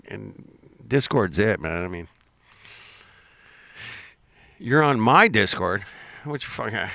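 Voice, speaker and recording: Gravelly rambling man swearing casually. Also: fairly low pitch, fairly bright tone, dry recording. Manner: rambling, swearing, laid-back. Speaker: streamer reacting to clips. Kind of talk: casual profane chat.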